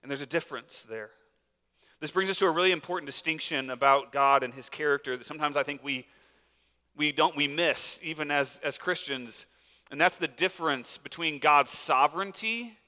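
A man gives a sermon in a relaxed, chatty way, his voice bright and forward and a bit higher than most. It rings out with a long echo in a large church hall. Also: moderate pace. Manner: casual, conversational preaching with many fillers. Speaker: pastor.

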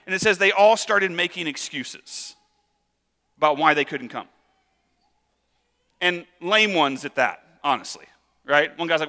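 High, bright-voiced preacher in a hall. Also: male voice, normal speed. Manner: casual, conversational preaching with lively voiced asides. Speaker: pastor. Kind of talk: sermon.

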